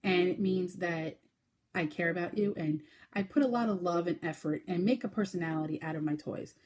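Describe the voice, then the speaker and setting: A woman hosting a casual crochet podcast, talking fast and chatty, showing her projects with lots of fillers. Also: darkish tone. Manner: chatty, fast-talking, with fillers and sudden high baby-talk bursts. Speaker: podcast host.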